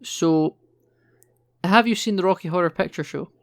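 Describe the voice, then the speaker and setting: A man's voice: high-pitched, moderate pace, a bit bright, no echo, studio quality. A man co-hosting a podcast, chatting casually about films, explaining and laughing easily. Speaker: podcast co-host. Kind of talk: casual film chat.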